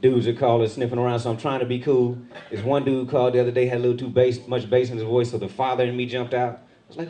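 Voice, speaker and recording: A middle-aged man doing stand-up comedy on a club stage with a handheld mic, jumping into loud, high voices when he acts out other people. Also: steady tone, fast. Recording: live club with loud crowd laughter.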